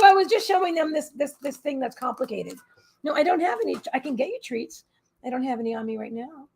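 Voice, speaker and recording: High, gravelly woman host; rambling, emotional, restarts a lot, casual livestream talk. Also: sing-song, fairly quick, darkish tone. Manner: coos in baby talk to her pets. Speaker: psychic reader and healer, livestream host.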